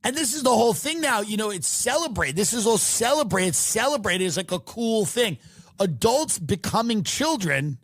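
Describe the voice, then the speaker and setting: Guy ranting on his podcast, high voice that swings all over, dry close mic. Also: normal speed, dry recording. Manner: animated, mocking, swears freely. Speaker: podcast host. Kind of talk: comedic rant.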